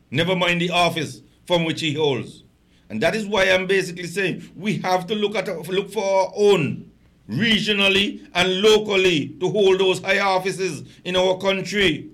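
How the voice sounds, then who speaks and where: A passionate man talks as a radio show guest in a bright, fairly high voice. He presses his points hard, often stumbling over repeated words. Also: a little slow. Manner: passionate, emphatic, stammering repeats. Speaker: guest, political activist. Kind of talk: impassioned radio talk.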